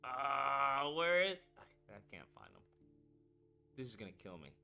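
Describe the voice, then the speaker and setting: A man chatting casually on a live stream, with a bright, forceful voice that swings widely up and down in pitch. He rambles and swears as he talks to his viewers, with faint music playing under him. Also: sing-song, unhurried. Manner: rambling and profane, talking to chat. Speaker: streamer host.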